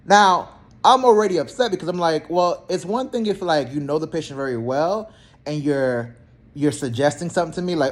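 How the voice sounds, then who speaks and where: A young man, a healthcare therapist, telling work stories in a blunt, slangy, animated way and acting out both sides of the talk. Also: fairly high pitch, fairly quick. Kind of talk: casual storytelling vlog.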